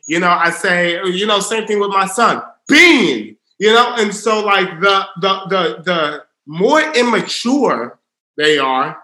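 A man preaching in an earnest sermon style, dropping to a hush for emphasis. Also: high voice, slow. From Southern US. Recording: roomy echo.

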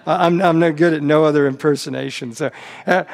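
A man's voice: a little high, steady tone, quick pace, big-room sound. A man pastor delivering a sermon, telling a story with frequent repeated words on restarts.

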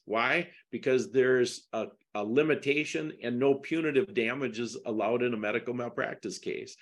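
Man, middle-aged, casual interview talk, emphatic, indignant questions, mid-pitched voice. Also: a bit bright. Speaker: podcast guest discussing a lawsuit.

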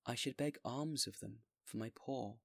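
A man voicing a gentle, resolute old bishop who speaks with mild, patient firmness. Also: medium pitch, unhurried, creaky, no room sound, clean studio sound. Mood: calm resolute.

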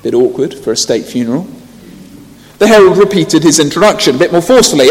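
A man preaching a sermon, telling stories earnestly and rising to loud emphasis. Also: fairly high pitch, animated, quick pace. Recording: long hall reverb.

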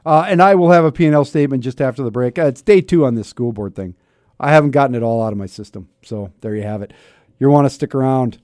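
A man's voice: mid-range voice, quick pace, darkish tone, dry recording. A talk radio host in his fifties speaks in a loose, wry, rambling way, often restarting his sentences. His throat is a bit scratchy. The studio sound is close and dry. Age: 50s. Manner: chatty, self-interrupting, wry. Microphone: studio microphone.

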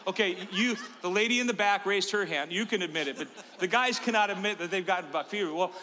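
A man preaching a sermon, telling a story in an animated, jokey way in a church. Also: sits high. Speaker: pastor. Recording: long church reverb.

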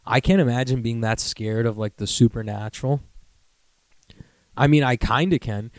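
A man's voice: mid-range voice, moderate pace, long pauses, dry recording. A young man from the New York area hosting a podcast, telling a rambling, profane story in casual chat and laughing as he goes. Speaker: podcast host.

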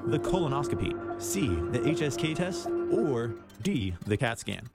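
Male announcer, game-show quiz read, animated pitch, loud music bed underneath. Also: moderate pace. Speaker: trivia segment announcer.

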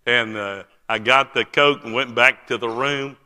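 In a big church sanctuary, an older man preaches his personal testimony with a sharp, very bright voice at medium pitch. His earnest telling is dotted with frequent "uh" pauses, and each phrase echoes with long reverb.

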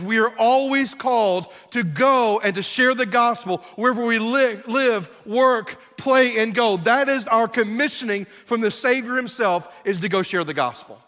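In a church sanctuary with long hall reverb, a middle-aged male pastor preaches a sermon in an extremely high, fairly bright voice. He's emphatic, peppering the congregation with rhetorical questions.

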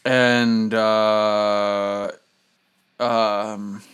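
A man telling a casual story on a podcast, rambling with lots of fillers and animated retellings. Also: lowish voice, drawn-out words, clear, resonant tone. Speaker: podcast host.

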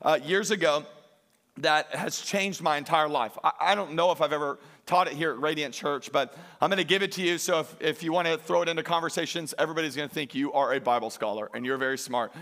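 A male pastor, preaching an emphatic sermon that swings from loud peaks to quiet, joking asides with the congregation. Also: fairly high pitch, fast. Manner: emphatic, rises to near-shouting peaks and drops to quiet asides; jokes with the congregation.

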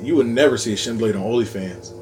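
A man's voice: mid-range voice, a little mellow, soft background music. A man hosting a casual podcast, upbeat and jokey, wrapping up the show with thanks and plugs. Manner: upbeat, jokey, spells out handles slowly. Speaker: podcast host.

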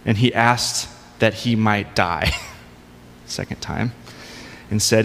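A man's voice: on the low side, slow, creaky, long pauses, fairly bright tone, big-room sound. A man preaching a sermon in a conversational way, with casual asides. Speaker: pastor.

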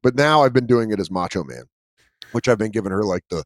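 A man hosting a casual chat, telling animated stories with casual swearing. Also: on the low side, quick pace, dry recording. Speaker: podcast host.

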